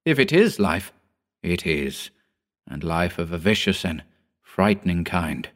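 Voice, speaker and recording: A weary older astronomer explaining a dreadful truth in a deep, low voice, gentle but grave, as a male reader plays him. His storybook voice stays measured and calm. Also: full character voice.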